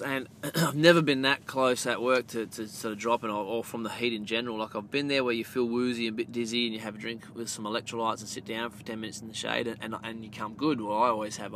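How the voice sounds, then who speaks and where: Rambling, cursing Australian man, faint hiss. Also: medium pitch. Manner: rambling, swears freely, calls listeners mate; gets loud and animated telling the punchline. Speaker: podcast host. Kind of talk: casual storytelling monologue.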